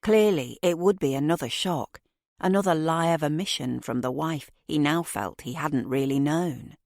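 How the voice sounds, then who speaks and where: A woman reads a mystery audiobook in a steady, even voice. Her pitch sits low. The recording is dry and close. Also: moderate pace, vocal fry, no echo. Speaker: audiobook narrator. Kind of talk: scripted audiobook narration.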